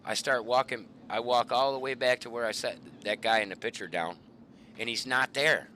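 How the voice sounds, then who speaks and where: Profane, forceful middle-aged man storyteller. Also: mid-range voice, moderate pace, a little hiss or hum. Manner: profane, animated, swearing often. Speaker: show host. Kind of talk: casual hunting storytelling.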